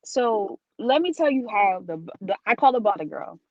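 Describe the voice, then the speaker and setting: A woman who co-hosts a podcast and works as a blogger, telling a story in an expressive, sassy way. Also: on the high side, normal speed, dull audio. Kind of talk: casual chat.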